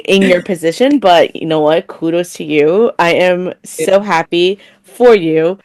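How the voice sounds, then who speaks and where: A woman's voice: lowish voice, unhurried, darkish tone. A woman co-hosting a casual podcast, chatting supportively with a friend and telling anecdotes. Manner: supportive, chatty, many "like" fillers. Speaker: podcast co-host.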